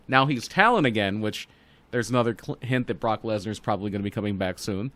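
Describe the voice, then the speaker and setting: A man co-hosting a podcast, casually walking through news and rumors with relaxed hedging asides. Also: fairly low pitch, quick pace. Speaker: podcast co-host. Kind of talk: casual wrestling news chat.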